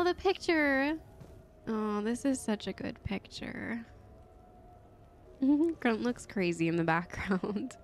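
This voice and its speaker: A woman's voice: fairly high pitch, a little hiss or hum. A woman giving giggly, chatty casual commentary while playing a video game. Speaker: let's play streamer.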